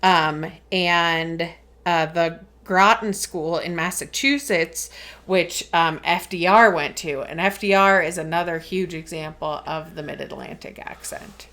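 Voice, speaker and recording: A woman's voice: lowish voice, a little slow, fairly bright tone. A woman co-hosting a podcast, explaining a topic in casual chat with lots of ums and frequent laughter. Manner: chatty, laughs often, explains with many ums. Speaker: podcast co-host.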